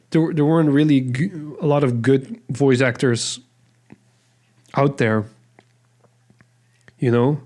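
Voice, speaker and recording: A man hosting a casual podcast, his voice sitting a bit high for a man. He rambles along with lots of fillers and restarts, in a loose, easygoing chat. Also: dark tone. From Netherlands. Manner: rambling, with many likes and restarts. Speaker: podcast host.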